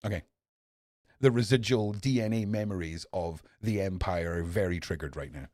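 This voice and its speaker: A man hosting a podcast, reading headlines aloud and ranting at them, swearing often and swinging from low mutters to shouts. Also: normal speed, no echo, studio quality. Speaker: podcast host reading news. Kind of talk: ranting news commentary.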